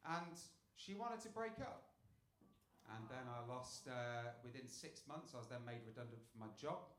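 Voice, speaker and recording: A man doing a stand-up set on a club stage into a handheld mic, telling dark jokes deadpan, dropping low for setups and getting loud on punchlines. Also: moderate pace. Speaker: stand-up comedian. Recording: echoey club with room noise.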